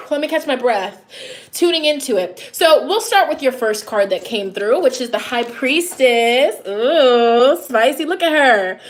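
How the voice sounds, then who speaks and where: A woman doing a live tarot reading, playful and goofy, chatting loosely with lots of "you know" fillers. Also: sits high. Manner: playful, goofy, with laughs and exclamations. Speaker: tarot reader.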